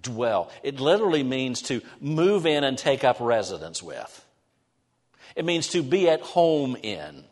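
A middle-aged male pastor preaching a conversational, animated sermon in a church, swinging between lively emphasis and soft, prayerful asides. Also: medium pitch, measured pace, long reverb tail. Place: church sanctuary.

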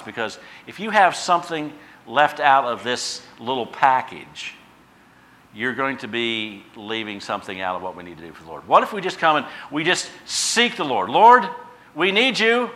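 Male pastor, bright and forceful tone, impassioned sermon delivery with chatty asides. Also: mid-range voice, expressive, brisk. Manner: impassioned preaching, swells loud on repeated phrases then drops quiet; conversational asides to the congregation.

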